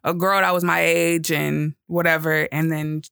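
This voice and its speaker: Man, casual storytelling, animated, bright voice, dry sound. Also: unhurried, gravelly, clear, resonant tone, dry recording. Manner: animated, profane, quotes himself in a higher voice. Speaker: podcast co-host.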